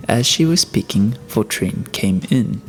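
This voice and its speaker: A man narrating a classic novel in steady, scripted storytelling. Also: lowish voice, a little slow, soft background music. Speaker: audiobook narrator.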